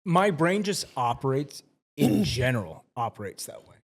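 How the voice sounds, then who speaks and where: An enthusiastic man co-hosts a relaxed chat about a TV episode. He talks freely and trusts his gut when he explains things. His voice sits at a middle pitch. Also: normal speed, slightly rough. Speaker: podcast co-host. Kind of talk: casual chat.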